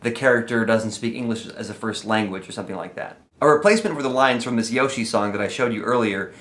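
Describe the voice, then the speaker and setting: A man's voice: fairly low pitch, fast, fairly bright tone. Man explaining songwriting in an echoey room. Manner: friendly, explanatory, with occasional "uh" and "um". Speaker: comedy songwriter teaching lyric writing. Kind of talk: casual explanatory video lesson. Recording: echoey room, faint music.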